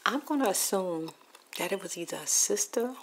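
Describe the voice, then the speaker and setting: A woman's voice: medium pitch, animated, normal speed, very noisy. A woman telling a rambling neighbor story in a whispered ASMR storytime while eating popcorn, close to the mic. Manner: rambling, gossipy, shifting between whisper and soft speech.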